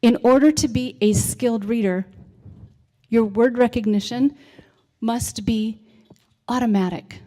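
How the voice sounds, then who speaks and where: A woman's voice: mid-range voice, mellow. A middle-aged woman giving a conversational presentation on reading, often checking in with "right?". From United States. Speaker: literacy presenter. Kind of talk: presentation to a civic audience.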